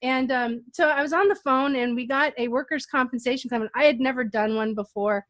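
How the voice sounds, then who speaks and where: A woman hosting an interview, telling stories in an animated way and laughing often. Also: high-pitched, brisk. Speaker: host. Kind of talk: casual interview chat.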